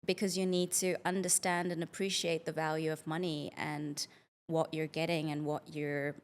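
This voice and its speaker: A woman with a somewhat low voice speaks as a guest in a relaxed podcast chat. She agrees often and reflects thoughtfully on life lessons. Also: moderate pace. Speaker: guest physician. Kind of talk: casual interview chat.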